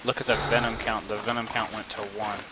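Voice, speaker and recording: Over loud in-game rain and jungle noises, a game tutorial host gives casual gameplay commentary in a relaxed drawl. His voice is lowish and his pace quick, and his speech is heavy with fillers.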